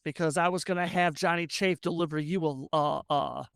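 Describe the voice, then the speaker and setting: A game master narrating a tabletop game in a rambling, quick way with many restarts, close to the mic. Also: medium pitch, steady tone, creaky, a bit bright, clean tone, no echo.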